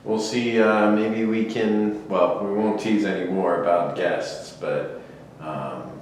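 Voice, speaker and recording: A man's voice: lowish voice, slow pace. A man hosting a casual podcast chat, teasing his guest. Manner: joking, teasing. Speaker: podcast host. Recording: roomy echo, faint noise.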